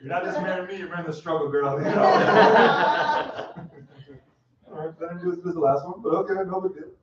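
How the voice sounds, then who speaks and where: A man in his thirties doing a stand-up set with crowd work, deadpan and self-mocking, laughing at his own jokes on a club stage. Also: high voice, normal speed, noisy background. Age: 30s. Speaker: stand-up comedian. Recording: roomy, distant, dull club recording.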